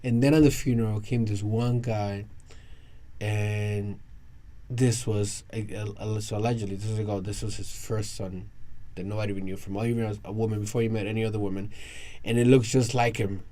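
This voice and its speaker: Speaking fairly quickly in a fairly low voice, this podcast guest from New York spins animated, rambling stories full of restarts. He's recording a casual round-table episode alongside other guests.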